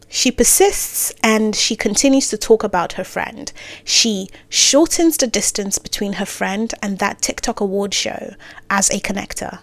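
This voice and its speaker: A woman talking casually to camera with career advice, full of playful asides and self-corrections, sometimes dropping into soft near-whispers. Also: medium pitch, expressive, moderate pace, no echo. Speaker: creator giving career advice.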